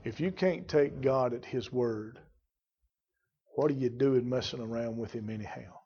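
Fervent preacher, lo-fi recording. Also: male voice, medium pitch, normal speed, slightly rough. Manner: fervent, rising to loud emphatic bursts. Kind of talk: sermon. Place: church.

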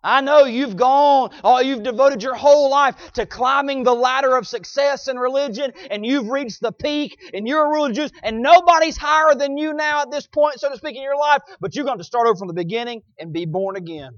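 High-voiced emphatic male preacher. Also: brisk, few pauses, no echo, highs cut off. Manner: emphatic, calls out amens, swings between loud and soft. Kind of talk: sermon.

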